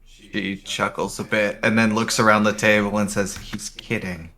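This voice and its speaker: A man's voice: on the low side, little pitch movement, moderate pace, sharp tone. A man describing his character's actions as a player in a tabletop game, in a plain descriptive way.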